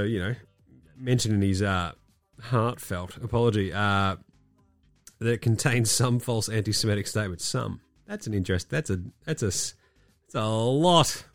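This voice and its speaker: A man's voice: mid-range voice, fairly bright tone, no room sound, clean studio sound. A man hosting a casual sports podcast, ranting and swearing a lot while sick and coughing. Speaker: podcast host.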